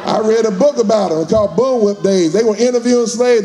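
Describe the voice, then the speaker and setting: High-voiced man preaching hard. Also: quick pace, few pauses, crowd noise, noisy background. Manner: preacherly call-and-response, acts out voices. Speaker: motivational speaker. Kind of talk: motivational speech to a live audience.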